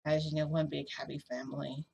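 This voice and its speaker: A woman voicing a flirty, scheming grown man who coaxes someone at breakfast, in a smooth low voice. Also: little pitch movement, brisk, a little mellow, rough recording. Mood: coaxing.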